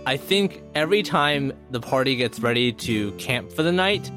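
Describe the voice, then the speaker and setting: A man's voice: medium pitch, lively intonation, moderate pace, over music. A man playing a tabletop game, teasing wryly about another character. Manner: wry, teasing. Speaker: player. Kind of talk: casual chat in a tabletop game.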